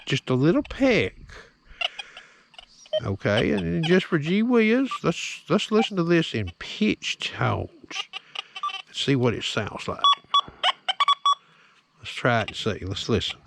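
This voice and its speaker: A man's voice: a little high, sing-song, takes it slowly, creaky, long pauses, noisy background. A man giving a plain-spoken, hands-on tutorial outdoors, often checking in with the viewer. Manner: plain-spoken, drawling, keeps checking in with "okay?". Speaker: metal detecting hobbyist demonstrating a detector.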